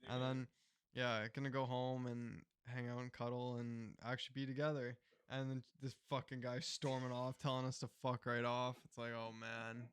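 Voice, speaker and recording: A man's voice: mid-range voice, normal speed, clear, resonant tone, dry recording. Brief: young male podcast co-host, casual and profane, dry close mic. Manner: profane storytelling with animated quotes. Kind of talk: casual chat.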